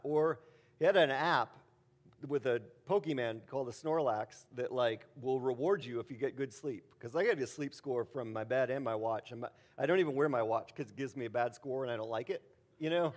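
A middle-aged man, a pastor preaching a conversational sermon, casual and rambling with many fillers and sudden emphatic bursts. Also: mid-range voice.

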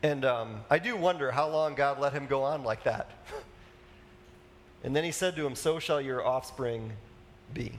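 A man's voice: mid-range voice, moderate pace, pauses often, slight background noise. A man preaching a conversational sermon as a pastor, casual and chatty, with asides and fillers.

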